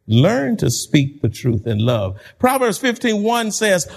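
A pastor preaching a sermon, animated, repeating words and laughing between points. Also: male voice, high-pitched, slow, gravelly.

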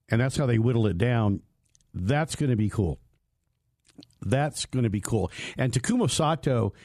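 A man's voice: medium pitch, a little mellow, no room sound, studio quality. A man hosting a motorsports radio show, talking casually with lots of fillers and restarts. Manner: rambling, many fillers and restarts.

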